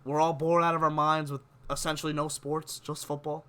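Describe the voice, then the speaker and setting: A man's voice: on the high side, a little fast, clear, resonant tone. A young man hosting a live sports stream, chatting casually with viewers and getting worked up as he argues his points. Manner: animated, gets worked up, reads chat questions aloud.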